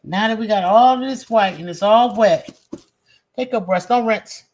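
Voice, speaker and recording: A woman with a mid-range, slightly mellow voice takes her time as she leads a live-streamed painting lesson. As an art teacher, she's chatty and encouraging, speaking directly to her viewers and bantering with the chat in a slangy, friendly way.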